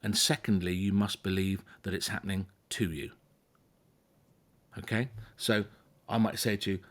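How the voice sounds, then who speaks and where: Patient, low-voiced man explaining. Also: fairly even intonation, moderate pace, fairly bright tone. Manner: patient, explanatory, checks in with "okay?"; frequent restarts and repeated words. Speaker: phobia therapist. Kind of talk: explaining to a guest in conversation.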